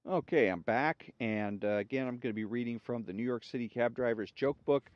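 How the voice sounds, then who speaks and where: A man's voice: medium pitch, highs cut off, slight background noise. A man hosting a monologue, rambling with fillers and then reading jokes aloud. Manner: halting, many fillers and restarts.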